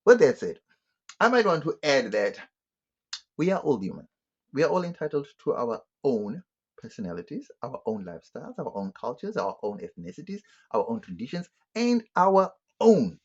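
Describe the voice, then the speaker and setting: A man's voice: medium pitch, darkish tone, slightly rough, lo-fi sound. A man, talking his opinions straight to his viewers in a rambling, conversational monologue. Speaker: channel host.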